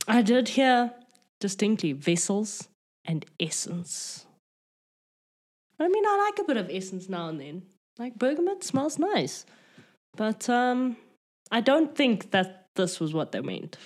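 A woman's voice: mid-range voice, big pitch swings, takes it slowly, pauses often. A woman playing a tabletop game, talking in a wry, joking way. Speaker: player.

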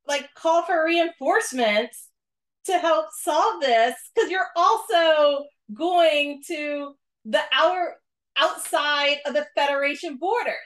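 A woman's voice: high-pitched, slow, fairly bright tone. A woman co-hosting a casual podcast that reviews a TV episode, talking emphatically and laughing as she goes. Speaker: podcast co-host.

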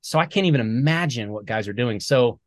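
A man, a military veteran and author, talking earnestly as a podcast guest, animated when he quotes other people. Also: medium pitch, a little fast, no echo. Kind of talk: conversational storytelling.

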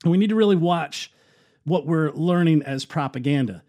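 Hosting an opinionated political commentary, a man with a slightly high, dark-toned voice speaks at normal speed. He talks casually, using fillers, with a scoffing, sarcastic attitude.

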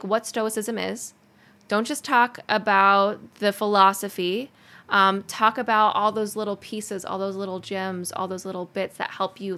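Bright, chatty woman hosting. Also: medium pitch, creaky. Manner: chatty and animated, many fillers. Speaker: podcast host. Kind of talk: casual chat.

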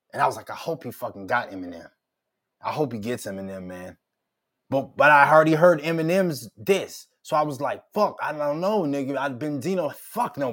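Middle-aged male podcast host, middle pitch, loud profane ranter. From Minnesota. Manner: profane, heated, loud rants. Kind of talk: casual ranting commentary.

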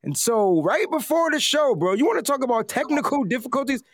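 Animated, high-voiced male show host. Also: a little fast, dry recording, clean studio sound. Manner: animated, excitable, slangy. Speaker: podcast host. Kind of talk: casual livestream chat.

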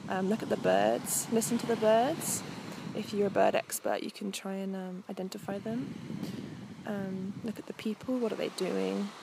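A woman's voice: mid-range voice, animated, moderate pace, vocal fry, noisy background. A young woman hosting a walk, narrating casually outdoors on a coastal path in a chatty, meandering way with frequent ums. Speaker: host. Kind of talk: casual narration while walking.

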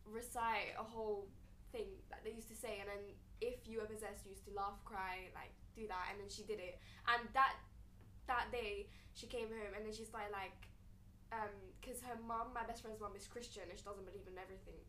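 A young woman telling a long story in casual chat, rambling and animated, with many fillers. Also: mid-range voice, moderate pace, slight background noise. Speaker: storyteller guest. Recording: echoey room, a little distant.

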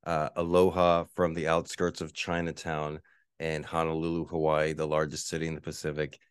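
A man with a very low, deep voice hosts a solo podcast from his apartment, talking nonstop in a profane, ranting way. The sound is dry and close, with no room echo at all. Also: completely flat delivery, normal speed, clean tone. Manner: ranting, profane, mocking the neighbors in shrill voices. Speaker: podcast host. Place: one-bedroom apartment.

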